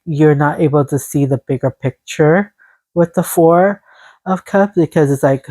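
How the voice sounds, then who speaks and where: Woman, tarot reader, encouraging, slightly breathless, mellow tone, dry close phone sound. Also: low voice, no echo, poor audio. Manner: soothing, encouraging, talks to viewers as "glowing angels". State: a little out of breath. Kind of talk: casual spoken tarot reading. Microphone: phone camera.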